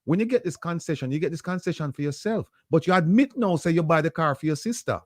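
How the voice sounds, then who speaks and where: A man's voice: on the high side, lively intonation, quick pace, no room sound, clean studio sound. A man with a Jamaican accent hosting a casual talk, insistent and argumentative as he directs the reading. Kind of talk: casual chat.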